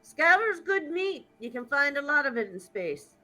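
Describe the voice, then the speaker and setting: A woman's voice: sits high, very animated, normal speed, pushed and bright, soft background music, pitched above the performer's own voice, exaggerated voice, rough recording. A woman voicing a friendly ship's chef who hands out homey cooking tips in a tabletop game. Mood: hearty. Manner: homey, encouraging cook's advice.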